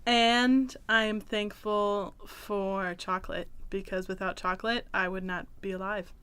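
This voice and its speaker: A woman co-hosting a casual podcast, telling an exasperated story in an animated way. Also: mid-range voice, a little slow, clean tone. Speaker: podcast co-host. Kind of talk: casual chat.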